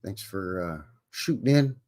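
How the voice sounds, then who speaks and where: Middle-aged western canadian guy chatting on a live stream, folksy, says eh a lot, bouncy pitch. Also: expressive, a little slow, a little mellow. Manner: folksy, greets viewers by name, frequent "eh". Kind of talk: casual live stream chat.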